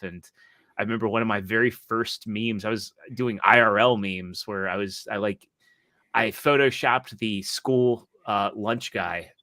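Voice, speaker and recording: Host: man, bright forward voice, dry close mic, rambly and laughing. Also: lowish voice, dry recording. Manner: rambling, laughs often, restarts. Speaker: podcast host. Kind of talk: casual chat.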